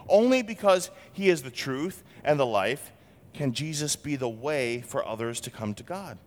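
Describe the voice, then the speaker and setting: Animated male preacher in a reverberant hall. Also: slight background noise. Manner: animated, acts out quotes with big swings in pitch. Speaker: pastor. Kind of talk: sermon.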